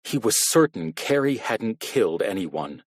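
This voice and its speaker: Rich: a male narrator reading a crime thriller in a measured, steady delivery. His voice sits low, and the recording is close and dry. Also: no room sound. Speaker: audiobook narrator. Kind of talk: scripted narration.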